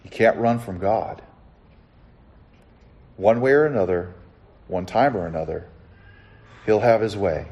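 Earnest man preaching with hushed emphasis. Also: fairly low pitch, measured pace, gravelly, long pauses, highs cut off. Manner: earnest, drops to a soft hush then rises with emphasis; asks the listeners direct questions. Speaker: pastor. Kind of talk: sermon.

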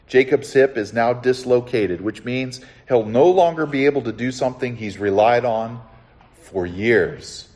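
Man as pastor, mid-pitched voice, earnest sermon delivery, soft hushes and rising emphasis. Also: measured pace. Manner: earnest, drops to a soft hush then rises with emphasis; asks the listeners direct questions.

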